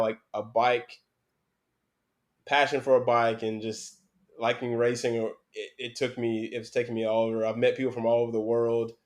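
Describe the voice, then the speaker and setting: Rambling young man, pauses full of fillers. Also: medium pitch. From North Carolina, US. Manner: rambling, many fillers and restarts. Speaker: guest, former BMX racer. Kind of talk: casual conversational interview.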